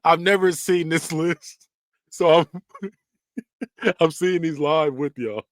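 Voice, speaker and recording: A man's voice: a little high, slow pace, no echo, clean studio sound. A man hosting a podcast, giving casual, joking reaction commentary and laughing often. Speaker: podcast host.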